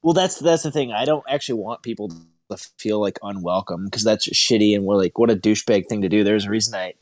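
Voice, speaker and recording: A man's voice: lowish voice, brisk, no room sound. A man co-hosting a podcast, speaking in an easygoing, self-mocking way with frequent laughs. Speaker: podcast co-host. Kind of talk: casual podcast chat.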